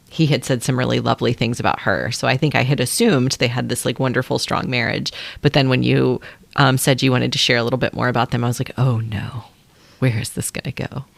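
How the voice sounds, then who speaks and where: A woman's voice: extremely low pitch, creaky, no room sound. A woman co-hosting a casual podcast chat, dropping dry, wry quips. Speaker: podcast co-host.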